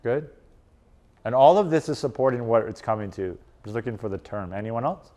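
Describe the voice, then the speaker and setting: A man coaching a live audience in a casual, animated presentation. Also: mid-range voice. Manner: casual and animated, lots of "like" and "right?". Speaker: strength and performance coach. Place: conference room.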